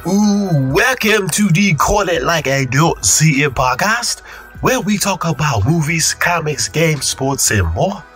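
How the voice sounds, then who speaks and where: A man's voice: high-pitched, wildly swooping pitch, moderate pace, pushed and bright, soft background music, voice pushed up, heavily acted. A man putting on a playful mock-French voice with broken phrases, teasing his co-host on a podcast.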